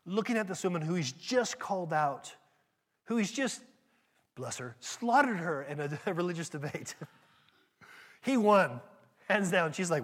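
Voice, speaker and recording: A man preaching a sermon, speaking emphatically and directly to his congregation, swinging between loud emphasis and hushed asides. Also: high voice, expressive, a little slow, pauses often.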